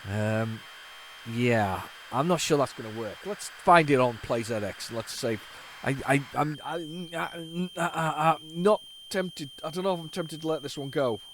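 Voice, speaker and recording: With an unhurried, slightly high voice, this man hosts a retro gaming video, giving loose running commentary that rambles and keeps tripping over and restarting itself. Poor audio carries some hiss or hum.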